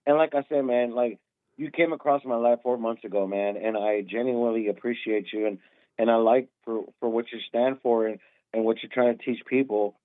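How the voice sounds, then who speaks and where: A man's voice: medium pitch, fairly even intonation, fairly quick, dry recording. A man in his thirties calling in, tipsy from drinking, rambling with lots of restarts and repeats. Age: 30s. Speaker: caller. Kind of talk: casual call-in talk. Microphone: phone. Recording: tinny phone line, dry.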